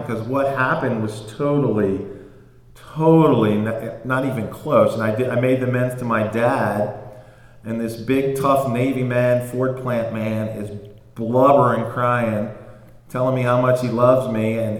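Guy sharing at a meeting, lots of ums and you knows, echoey big room. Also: mid-range voice. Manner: halting, many fillers and restarts. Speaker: member sharing at a recovery meeting. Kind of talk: personal sharing. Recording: echoey hall.

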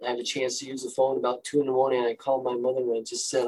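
Husky man telling a confessional story. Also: medium pitch, completely flat delivery, rapid-fire, hardly any pauses, a little mellow, rough recording. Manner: earnest, confessional, emotional storytelling. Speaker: recovering alcoholic sharing his story. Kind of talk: personal recovery talk.

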